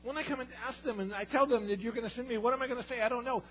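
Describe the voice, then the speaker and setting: A man's voice: very high voice, fairly even intonation, rapid-fire, a bit bright, voice pushed up. A man acting out Moses as an anxious, self-doubting figure who pleads and protests with a whiny voice, on a slightly muffled recording with a faint hum.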